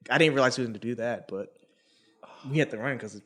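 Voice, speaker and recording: A man's voice: medium pitch, fast. Man telling childhood stories casually. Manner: storytelling, quotes people in a raised voice. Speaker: podcast co-host. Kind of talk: casual chat.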